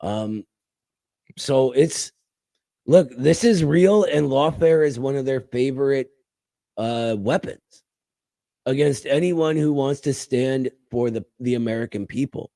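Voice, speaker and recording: A man's voice: medium pitch, takes it slowly, vocal fry, warm tone, no echo. A man co-hosting a casual political talk show, speaking emphatically and calling his co-host brother. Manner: emphatic, calls people brother.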